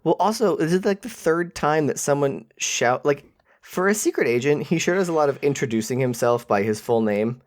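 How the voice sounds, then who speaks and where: A man's voice: on the high side, lively intonation, a little fast. A man co-hosting a podcast, chatting about a film with wry joking asides. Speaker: podcast co-host. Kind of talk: casual movie recap chat.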